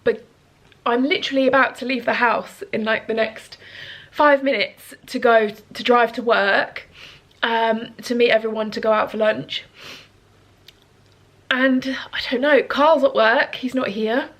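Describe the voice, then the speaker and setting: A woman's voice: a little high, steady tone, moderate pace, a bit bright. A woman, chatting earnestly to camera at home as a vlogger. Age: 30s. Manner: earnest, chatty, rambling with fillers. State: emotional, sniffling. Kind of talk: casual chat to camera.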